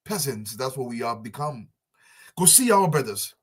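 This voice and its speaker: Man, impassioned pleading address, repetitive, soft-to-loud swings. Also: medium pitch, very animated, normal speed. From Liberia. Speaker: diaspora business advocate. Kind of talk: impassioned public appeal.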